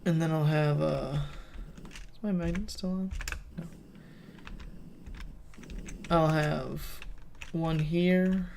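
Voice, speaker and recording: A man talks through his game in a loose, rambling let's play commentary, thinking out loud as he goes. His voice sits flat with little rise and fall, and a gravelly fry runs under it. Faint noise hums behind him at the desk mic. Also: on the high side. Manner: rambling, thinking aloud as he plays. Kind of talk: casual gameplay commentary.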